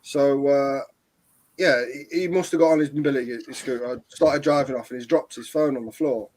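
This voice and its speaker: A young man, rambling through a story with lots of pauses in casual chat. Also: medium pitch, darkish tone, poor audio. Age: young adult. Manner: rambling, lots of ums and likes.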